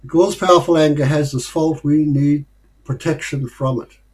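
A man leading a casual study group discussion, talking in a thoughtful, unhurried way with pauses and fillers. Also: on the high side, steady tone, rough recording.

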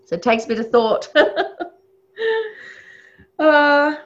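Woman, fairly high voice, casual teaching talk, unhurried and thoughtful, muffled lo-fi recording. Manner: thoughtful, with fillers and chuckles. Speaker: speaker on ethics.

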